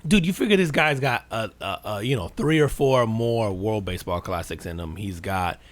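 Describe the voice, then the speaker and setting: A man with a lowish voice talks at a normal pace as he co-hosts a podcast. He chats about baseball with casual energy, rambling and animated, constantly saying "dude" and swearing.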